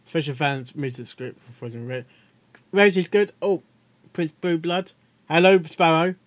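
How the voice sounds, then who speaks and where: A man's voice: a little high, measured pace, no room sound. A man hosting a casual reaction video, chatty and giggly, often tripping over his words.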